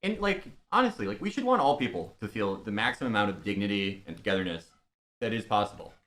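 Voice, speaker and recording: A man joining a casual political chat, talking in an animated, excitable way. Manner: animated, fast, swinging between high and low. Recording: roomy, echoey sound.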